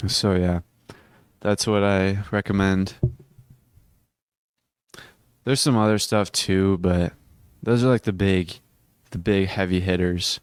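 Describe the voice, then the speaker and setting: Teenage boy, low and flat voice, smooth clear tone, dry close sound, earnest rambling vlog talk. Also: a little slow, no room sound. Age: teens. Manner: rambling, earnest, with frequent restarts. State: hiccuping. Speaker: vlogger. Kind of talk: casual self-improvement vlog.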